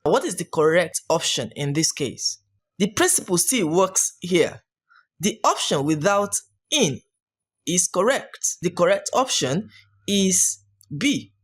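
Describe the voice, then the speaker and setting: Slow, lively woman teacher. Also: fairly low pitch. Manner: clear, deliberate step-by-step explaining. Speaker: English teacher. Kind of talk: scripted exam-prep lesson.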